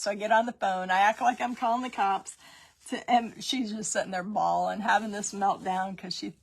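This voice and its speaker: A woman's voice: medium pitch, fairly even intonation, brisk, gravelly. A woman in her fifties, a grandmother, chatting and rambling through a DIY craft tutorial and laughing often as she tells family stories.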